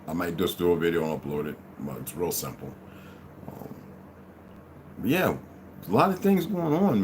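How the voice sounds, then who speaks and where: A man's voice: fairly low pitch, darkish tone, slight background noise. A tired man chatting casually and profanely on a livestream, greeting viewers as they arrive. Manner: laid-back, profane, rambling, greets viewers as "beloved". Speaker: livestream host.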